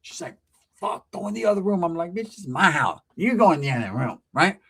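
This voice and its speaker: Storyteller, male, slightly high voice, foul-mouthed and lively, does all the voices himself. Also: brisk, creaky, breathy edge. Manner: animated, acts out every quoted voice; profane, slangy street talk with Spanish words. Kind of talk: casual storytelling.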